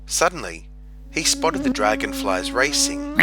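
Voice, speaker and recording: A man reading a children's picture book aloud in an expressive storytelling manner. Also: on the low side, slow pace. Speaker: storybook reader.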